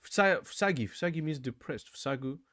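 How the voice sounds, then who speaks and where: A man's voice: fairly high pitch, animated, very fast, fairly bright tone. Chatty man repeating words aloud. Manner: thinks aloud, repeats words, says "bro" often. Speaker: language learner vlogger. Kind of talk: casual study vlog.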